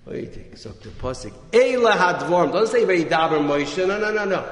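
A man's voice: fairly high pitch, moderate pace. A man giving a sermon, telling a story and acting out the quoted lines with a rising and falling voice. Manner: animated storyteller, acts out quotes with rising and dropping voice. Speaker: rabbi giving a Torah talk. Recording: echoey hall, faint noise.

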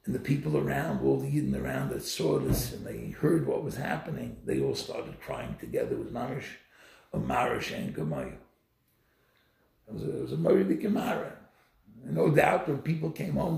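A man giving a Torah lecture, telling stories in an animated, emphatic way, recorded in an echoey room. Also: medium pitch, moderate pace, vocal fry. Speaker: Torah teacher.

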